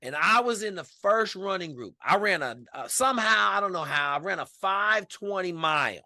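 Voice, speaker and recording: Bright, blunt-talking man telling a story. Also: high voice, normal speed, dry recording, clean studio sound. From Washington state. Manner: animated, profane, blunt. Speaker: podcast guest. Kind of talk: casual storytelling.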